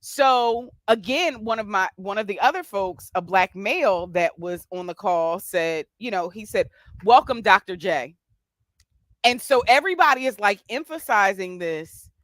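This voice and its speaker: Woman, guest on a live stream, storytelling, filler-heavy, animated, dry sound. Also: mid-range voice, a little slow, no room sound. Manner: animated, many fillers and restarts. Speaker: guest with a doctorate.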